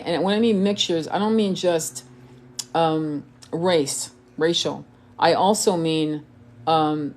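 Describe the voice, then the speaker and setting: Rambling profane woman with a lowish voice. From France. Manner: rambling, profane, laughs often, many restarts. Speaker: tarot reader and spiritual coach. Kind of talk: casual live-stream chat reading comments.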